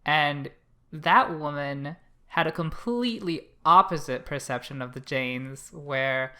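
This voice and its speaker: A chatty co-host reviewing an anime episode, loose and animated, with plenty of "like" and "um". The voice is bright and forward, with swearing mixed into fast asides. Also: medium pitch. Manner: chatty, animated, many fillers and acted asides. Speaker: podcast co-host. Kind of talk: casual anime review chat.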